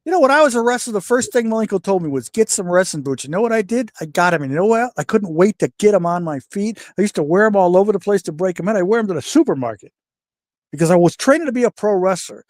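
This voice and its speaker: In a laid-back storytelling interview, a retired pro wrestler, now older, talks fast in a fairly high voice about backstage happenings. He imitates the voices of those he quotes and swears without restraint, and his voice is captured close-miked and dry, free of room sound.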